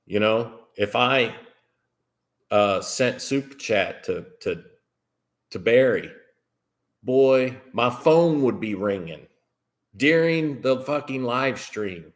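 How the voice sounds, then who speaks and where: A man's voice: mid-range voice, animated, takes it slowly, pauses often. A man telling a rambling story to his live chat, swearing freely and filling gaps with ums. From United States. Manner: rambling, profane, with frequent fillers. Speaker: vlogger.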